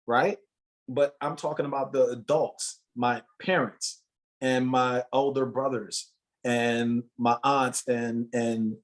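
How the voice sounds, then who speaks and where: Man from Jamaica, interview guest, mid-pitched, earnest and motivational, repeats himself for emphasis. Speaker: guest, musician and motivational speaker. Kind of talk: interview storytelling.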